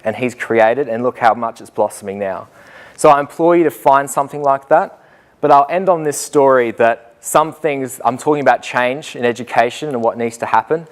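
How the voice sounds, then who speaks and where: A man giving a talk to an audience, telling a lively anecdote and acting out the voices of the people in it. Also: medium pitch. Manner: animated storyteller, acts out voices. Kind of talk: storytelling conference talk.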